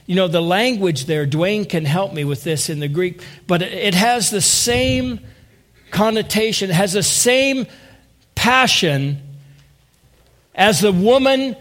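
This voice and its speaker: A man's voice: high voice, fairly bright tone. A man preaching a sermon to his congregation, earnest and rising to impassioned appeals, calling on listeners directly. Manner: addresses listeners as saints and by name.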